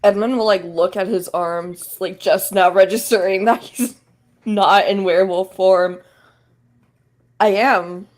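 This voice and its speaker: Female player, unhurried delivery with frequent fillers, casual game talk. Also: mid-range voice, steady tone, a little mellow. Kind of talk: casual tabletop play.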